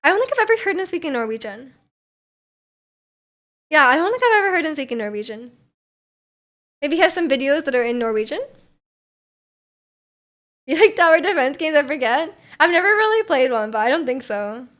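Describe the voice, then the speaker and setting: Young woman streamer, casual rambly chat full of "like", voice a touch high. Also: big pitch swings, a little fast, pauses often, a bit bright. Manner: rambling, heavy use of "like", frequent laughs.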